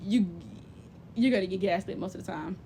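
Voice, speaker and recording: A young woman giving blunt, profane, big-sister advice in casual chat, animated and often mimicking other people's voices. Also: mid-range voice, a little fast, a little hiss or hum. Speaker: livestream host.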